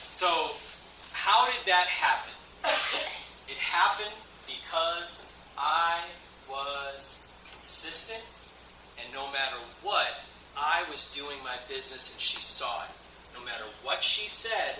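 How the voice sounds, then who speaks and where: Man, animated storyteller, slightly high voice, roomy hall, mic from a distance. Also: noisy background. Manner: animated, laughing often. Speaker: event speaker. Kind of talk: motivational storytelling talk. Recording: echoey hall from far off.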